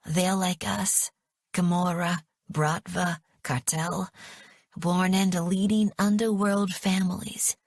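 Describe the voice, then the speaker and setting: Woman does a young captive whispering warnings, urgent, low-key. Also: little pitch movement, slow pace, no echo, clean studio sound. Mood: urgent hush.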